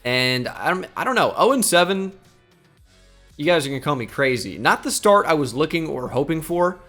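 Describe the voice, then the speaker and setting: A man's voice: on the high side, sing-song, normal speed, pushed and bright, soft background music. A man giving casual, chatty commentary while playing a football management game, thinking aloud and joking at his own expense. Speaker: gaming YouTuber.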